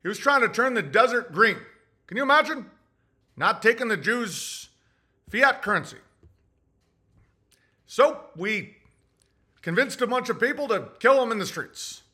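A man's voice: extremely high pitch, lively intonation, a little slow, pauses often, bright, forceful tone, full character voice. A man doing a parody impression of an older former president in a matter-of-fact, musical cadence. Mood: sly. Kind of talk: crude parody monologue.

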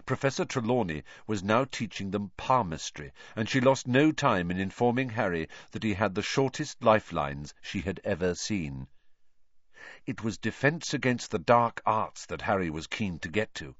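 A man narrating a storybook in a lowish, highly expressive voice. The recording is dry and close with a slightly dull, lo-fi tone. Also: moderate pace, no echo. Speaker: audiobook narrator. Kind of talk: scripted narration.

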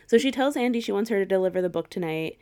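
Young woman, podcast co-host, casual film recap, animated, swears a lot, laughs often. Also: mid-range voice, very fast, clean tone.

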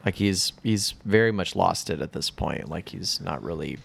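A man's voice: sits low, moderate pace, vocal fry, a little hiss or hum. A man co-hosting a casual movie podcast, laid-back and agreeing, recapping the plot in short bits. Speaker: podcast co-host.

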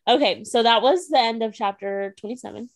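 A young woman chatting casually about a book she's reading, talking fast with lots of fillers and laughter. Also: on the high side, dry recording, studio quality. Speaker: book discussion host. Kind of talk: casual book club chat.

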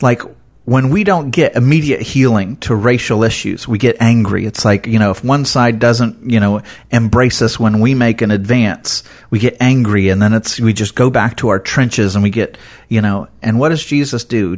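A man giving an earnest, conversational sermon, animated and full of casual fillers as he talks through scripture. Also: medium pitch, moderate pace. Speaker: preacher.

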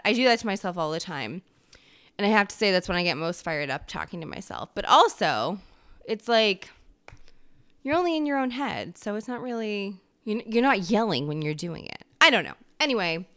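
A woman's voice: mid-range voice, expressive, a little fast, a bit bright, smooth. A woman hosting a solo podcast from her kitchen, talking in a candid, profane, self-mocking and rambling way. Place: home kitchen.

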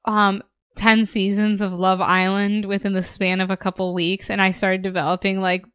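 A woman's voice: mid-range voice, little pitch movement, normal speed, fairly bright tone, smooth. A woman co-hosting a podcast, adding wry quips in casual chat about a film. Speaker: podcast co-host.

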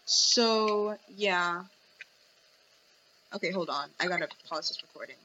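A woman's voice: fairly low pitch, unhurried, pushed and bright, dull audio, a little hiss or hum. A young adult woman hosting a podcast, ranting animatedly in casual chat with lots of fillers. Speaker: podcast host.

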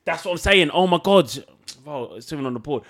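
Podcast host guy, kinda high voice, bounces all over, laughs constantly. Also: brisk. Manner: excitable, laughs a lot, teasing. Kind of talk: casual chat.

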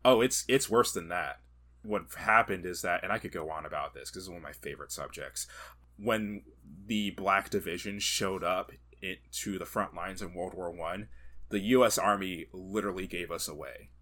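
Bright-voiced man chatting about movies. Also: low-pitched, normal speed. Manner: animated, laughs often, acts out quotes. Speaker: podcast co-host. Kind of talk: casual movie review chat.

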